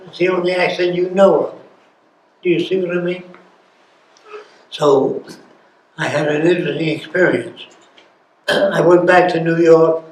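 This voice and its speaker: Very old man telling emphatic stories. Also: a little high. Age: over 90. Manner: emphatic, asks rhetorical questions. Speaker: guest. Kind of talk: storytelling in an interview. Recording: roomy with faint noise.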